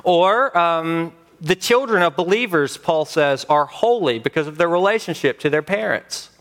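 Emphatic higher-voiced male preacher. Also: lively intonation, a bit bright. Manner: emphatic preaching with dramatic pauses. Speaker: pastor. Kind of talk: sermon.

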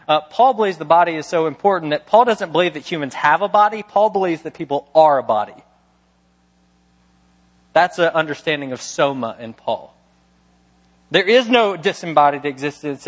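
A man's voice: fairly high pitch, fairly bright tone, big-room sound. A man preaching a sermon as pastor, emphatic and full of rhetorical questions.

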